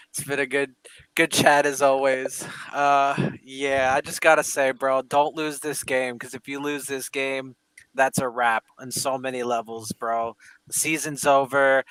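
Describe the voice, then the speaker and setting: A man's voice: medium pitch, a bit bright, smooth, no echo, rough recording. A man on a podcast panel speaking bluntly and emphatically in casual slang.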